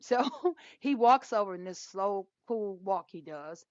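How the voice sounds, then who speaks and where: A middle-aged woman co-hosting a podcast, telling a story in a casual, animated way and laughing often. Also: medium pitch, moderate pace, no echo. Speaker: podcast co-host. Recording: dull lo-fi dry sound.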